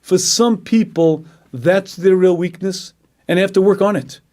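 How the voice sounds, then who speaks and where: A middle-aged man teaching a class as a rabbi, emphatic, often clearing his throat and acting out inner voices. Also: sits high, moderate pace, darkish tone. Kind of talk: lecture.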